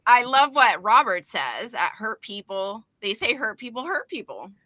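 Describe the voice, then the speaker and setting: A woman's voice: on the high side, sing-song, pushed and bright, no room sound. Upbeat woman host, bouncy voice that jumps around, dry close sound. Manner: enthusiastic, quick to laugh. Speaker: podcast host. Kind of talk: casual interview chat.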